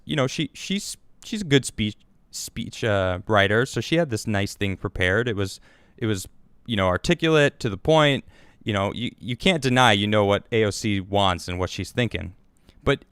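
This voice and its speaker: A man's voice: medium pitch, a bit bright, clean tone, no room sound, clean studio sound. A man hosting his own show, giving a rambling, sarcastic political commentary monologue full of restarts. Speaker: show host.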